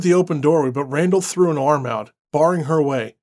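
A man narrating a horror story in a measured, dramatic way. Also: medium pitch, steady tone, gravelly, darkish tone.

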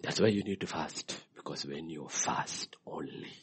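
A man preaching a sermon in a dramatic way, swinging from loud outbursts to hushed whispers. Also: lowish voice, wildly swooping pitch, a little slow, hardly any pauses, breathy edge.

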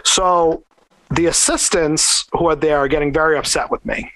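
A man with a slightly higher voice tells a long story in a casual, animated way, filling his talk with "like". The sound is dry and close, with no room around it. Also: normal speed, no echo. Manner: rambling, animated, lots of "like" fillers. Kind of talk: casual anecdote.

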